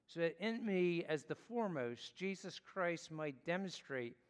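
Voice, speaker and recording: A man preaching in an unhurried, earnest way, dwelling on the words he wants to stress. His voice sits a little high for a man. Long reverb trails behind him, as in a large hall. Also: animated, smooth. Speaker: pastor. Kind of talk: sermon.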